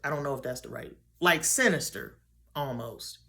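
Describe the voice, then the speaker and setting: A young woman vlogger telling a story about a dream in a chatty, animated way, with many fillers and restarts. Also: extremely low pitch, moderate pace. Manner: acts out her own and others' lines in quotes.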